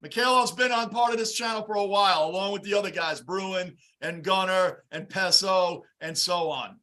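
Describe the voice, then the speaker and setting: Man, livestream host, high-pitched, bright edgy tone, excitable, yells at big plays, casual fan chatter. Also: moderate pace. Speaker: livestream host reacting to a game. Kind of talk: live game reaction and fan chat.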